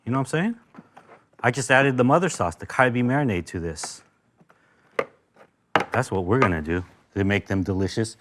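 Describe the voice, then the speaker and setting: A man's voice: mid-range voice, moderate pace, long pauses, a little hiss or hum. An American man from Los Angeles teaching a casual cooking lesson, talkative and enthusiastic, full of asides. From Los Angeles, United States. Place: kitchen with grill.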